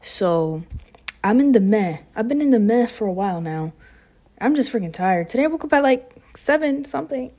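A teenage girl who is a high school student, rambling and oversharing in a casual confessional vlog at home, sarcastic and full of fillers. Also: expressive, normal speed, mellow. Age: teens. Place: home living room.

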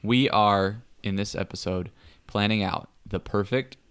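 Man, podcast host, very low voice, quiet casual chat, laughs a lot. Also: measured pace, clean tone. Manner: talking quietly, laughing often.

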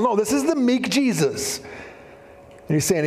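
A man's voice: on the high side, wildly swooping pitch, moderate pace, warm tone. A middle-aged man preaching a sermon as pastor, telling stories casually with fillers and acting out the voices he quotes. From Canada. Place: church sanctuary. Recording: long hall reverb in a church.

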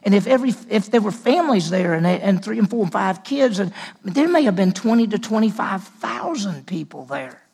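A man, a senior pastor, preaching a conversational sermon, repeating words as he goes and swinging between emphatic and hushed. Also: sits high, sing-song, brisk, vocal fry, slightly rough.

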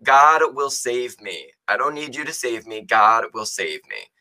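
A man's voice: mid-range voice, animated, measured pace, pushed and bright, heavily acted, poor audio. A man voicing a stubborn man lost at sea who keeps refusing rescue, speaking insistently and repeating himself.

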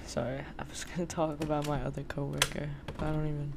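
Young woman, podcast co-host, casual slangy chat, animated storytelling. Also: low voice, fast talker, vocal fry, noisy background. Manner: slangy and animated, acting out quoted exchanges.

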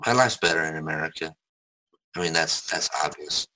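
A man telling his life story in casual conversation, candid and rambling, swearing freely, with a gravelly, husky voice. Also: rumbling low, fairly quick, pushed and bright, low-quality recording.

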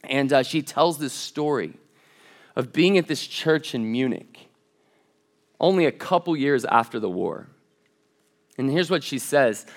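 A man preaching a sermon as a college pastor, reading a story and scripture aloud and rising to loud, fervent passages. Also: medium pitch, animated, measured pace, pauses often. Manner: reads quoted stories and scripture aloud.

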